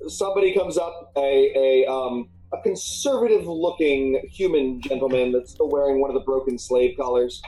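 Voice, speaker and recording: Mellow, halting tabletop game master. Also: mid-range voice, soft background music, rough recording. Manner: halting narration full of ums and restarts.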